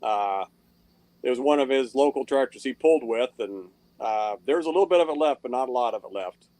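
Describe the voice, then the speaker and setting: Male guest, modest matter-of-fact talker, mid pitch, dry recording. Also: expressive, brisk, a little mellow, no room sound. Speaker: guest puller. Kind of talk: casual interview answers.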